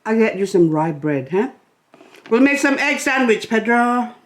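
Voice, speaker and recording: A woman's voice: a little high, expressive, measured pace, soft background music. A woman vlogger at home, talking casually and rambling, often laughing as she chats. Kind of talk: casual chatty vlog. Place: at home indoors.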